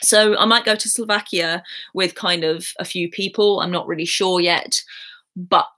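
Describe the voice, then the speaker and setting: A young English woman with a received pronunciation accent chats on a livestream, reading and answering viewer comments. Her voice sits a little low for a woman. She rambles along with plenty of fillers. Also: fairly even intonation, normal speed, pushed and bright. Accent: southern English received pronunciation. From England. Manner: chatty, rambling, lots of fillers. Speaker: YouTuber.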